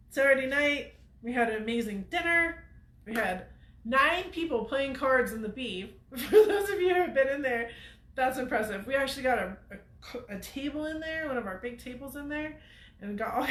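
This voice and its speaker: A woman's voice: high voice, lively intonation, moderate pace, fairly bright tone, roomy sound. A woman hosting a weekly show, telling a story to viewers in a chatty way and laughing often. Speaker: host of a weekly off-road show.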